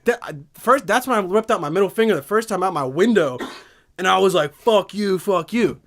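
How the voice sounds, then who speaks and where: A man in his twenties hosting a casual podcast chat from a studio, excitable and profane, forever saying dude. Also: high-pitched, fairly quick, gravelly. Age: 20s. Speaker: podcast host. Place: recording studio.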